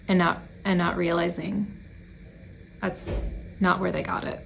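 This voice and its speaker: A young adult woman, a teacher, telling funny classroom anecdotes in a dry, deadpan way and quoting her students. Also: fairly low pitch, creaky. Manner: deadpan, wry delivery with quoted student voices. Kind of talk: anecdotal storytelling.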